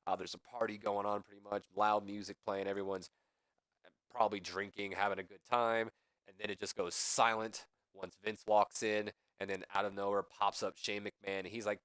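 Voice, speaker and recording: A man's voice: lowish voice, flat delivery, moderate pace, fairly bright tone, no room sound. A young man giving casual game commentary, thinking aloud and rambling with lots of "pretty much.". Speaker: let's play commentator.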